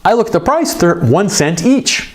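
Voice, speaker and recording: A middle-aged man coaching repair shop owners in an emphatic, conversational way with quick asides. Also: high-pitched, very animated. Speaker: business coach for repair shops.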